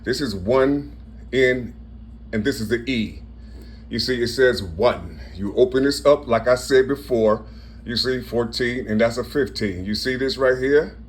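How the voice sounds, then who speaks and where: A man from Ohio rambles through a loose, profane monologue, circling back on the same phrases again and again. His voice sits in a middle pitch and breaks into laughter. A faint hiss of ambient noise sits under the recording. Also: measured pace. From Cincinnati, Ohio. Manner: repetitive, digressive, profane, often laughing.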